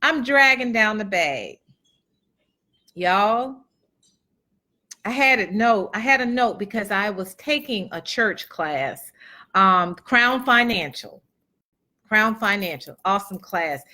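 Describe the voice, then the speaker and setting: A woman with a bright, forward voice shares a personal testimony with a live crowd. She talks in a chatty, folksy way, calls the listeners y'all and acts out the dialogue as she goes. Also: medium pitch, expressive, slow pace, long pauses. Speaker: motivational speaker and author.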